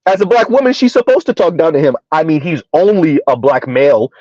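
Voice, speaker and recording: A man's voice: on the high side, animated, a little fast, darkish tone, no echo, dull audio. A man from the US South giving sarcastic, mocking reaction commentary and reading out chat comments. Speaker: commentary streamer.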